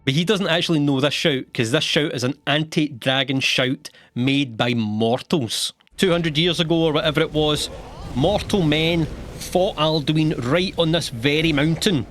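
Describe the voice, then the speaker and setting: A young man narrating a comedic video game summary, sarcastic and animated, swearing casually and laughing between lines. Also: on the high side, moderate pace.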